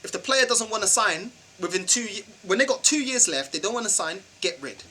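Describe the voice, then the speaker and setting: A man's voice: high-pitched, animated, brisk, pushed and bright, a little hiss or hum, poor audio. A man ranting about football in a vlog, exasperated and firing off rhetorical questions in slangy talk. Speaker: football channel vlogger. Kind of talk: football fan rant vlog.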